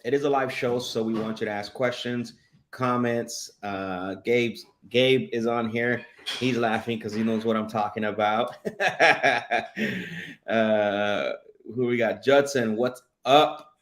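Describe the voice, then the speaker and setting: A man hosting a live streamed show, chatting casually and energetically, calling out shout-outs with lots of fillers. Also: medium pitch, steady tone, takes it slowly, a little hiss or hum.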